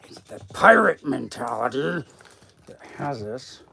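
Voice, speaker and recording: A man's voice: mid-range voice, sing-song, slow, creaky, heavy background noise. A man talking on a live stream in a rambling, profane monologue that jumps from topic to topic.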